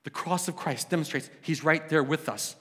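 A male pastor delivers a passionate sermon with a rather high voice. He swings from loud exclamations down to near-hushed questions. A long hall reverb trails behind every phrase. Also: normal speed.

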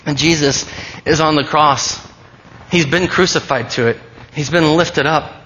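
A man's voice: fairly high pitch, a little slow, pushed and bright, dull audio, slight background noise. A man preaching a sermon as pastor, earnest and emphatic, often repeating key phrases.

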